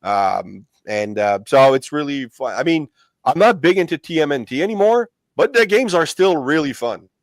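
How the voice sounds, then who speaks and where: A man's voice: a little high, expressive, normal speed, no room sound. A man hosting a casual livestream chat, rambling and restarting his sentences with lots of fillers. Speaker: host of a collectibles channel livestream.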